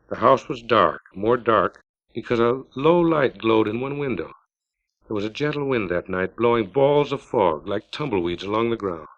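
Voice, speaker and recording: Gravelly man narrating a story. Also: medium pitch. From California. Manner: measured, plain, unhurried. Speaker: author reading his own story. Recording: dull lo-fi 1950s LP recording.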